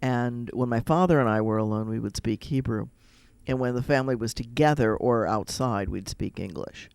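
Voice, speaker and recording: A man's voice: mid-range voice, moderate pace, creaky, a little mellow, clean tone, no room sound. A man with a Midwestern American accent, chatting casually on a radio show and rambling through personal stories. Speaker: rabbi, radio guest.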